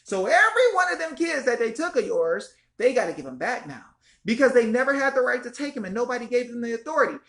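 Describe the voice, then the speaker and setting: This activist vlogger talks fast in a fairly high, sing-song voice. Addressing her audience as "y'all," she repeats herself in an impassioned direct-to-camera rant, with some mild swearing.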